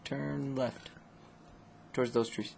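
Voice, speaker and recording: A man's voice: mid-range voice, fairly even intonation, slow pace, creaky, a little hiss or hum. A young man co-hosting a game video, dryly teasing and sarcastic with his partner. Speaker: let's play co-host. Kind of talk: casual gaming chat.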